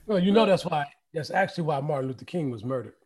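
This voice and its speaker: A man's voice: a little high, expressive, fast talker. A man co-hosting a podcast, talking bluntly and jokingly in casual group chat. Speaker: podcast co-host.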